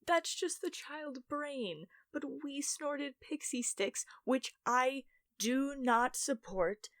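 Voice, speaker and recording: A woman's voice: high-pitched, animated, slow, a bit bright, no room sound, studio quality. A young woman from the United States telling childhood stories in a rambling, self-mocking vlog, with lots of fillers. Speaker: YouTuber. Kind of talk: casual storytime monologue.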